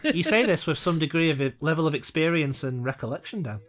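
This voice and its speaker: Man riffing playfully, lively voice. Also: a little high, fast. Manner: playful, repeats jokes in silly variations. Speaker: co-host. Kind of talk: casual comedic riffing.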